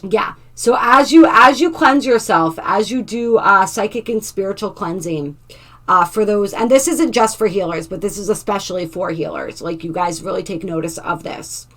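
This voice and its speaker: Gentle woman reading oracle cards. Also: medium pitch, moderate pace. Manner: gentle, reads card text aloud with asides to viewers. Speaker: oracle card reader. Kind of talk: spiritual oracle card reading.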